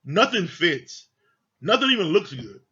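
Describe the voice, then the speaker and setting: A man rants through his review of a reality TV show in a fairly high voice, blunt and heavy on profanity. His delivery is casual and heated, like a vlogger venting to his viewers. The recording sounds dull and lo-fi. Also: big pitch swings, unhurried, pushed and bright, husky.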